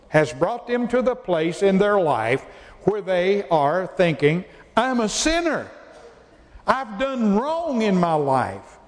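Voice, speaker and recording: A man's voice: fairly high pitch, darkish tone, big-room sound. A male pastor preaching a sermon in a folksy way, repeating phrases for emphasis.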